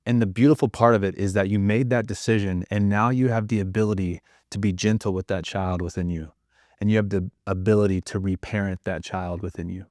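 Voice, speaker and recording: A man's voice: lowish voice, steady tone, a little fast, a little mellow, dry recording, clean studio sound. A man hosting a podcast, telling a reflective story in the second person, earnest and casual with some swearing. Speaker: podcast host.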